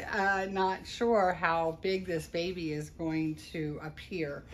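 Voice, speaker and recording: A woman gushing over tiny baby items as she unboxes a package, with drawn-out coos and soft exclamations. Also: lowish voice, steady tone. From United States. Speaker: vlogger unboxing a reborn doll. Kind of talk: excited unboxing chat.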